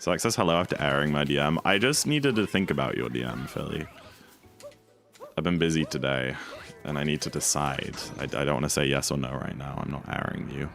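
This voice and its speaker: A man's voice: very deep voice, a little fast, gravelly, a bit bright, faint music behind. A man casually chatting and joking with his chat while speedrunning on a livestream. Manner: playful, jokey, reads chat aloud. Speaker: streamer.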